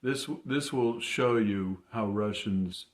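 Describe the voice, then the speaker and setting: A man voicing a grim, matter-of-fact Russian man in an earnest, halting way, repeating words as he explains. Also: fairly low pitch. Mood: earnest explaining. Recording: roomy echo.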